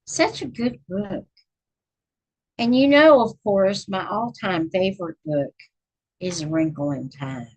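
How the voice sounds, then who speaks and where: A middle-aged Texan woman hosts a channel where she reads books, and here she's on a relaxed live stream chatting casually with whoever drops in. Her slightly husky, medium-pitched voice moves at an unhurried pace, and she sometimes counts stitches aloud while crocheting. The audio quality is poor.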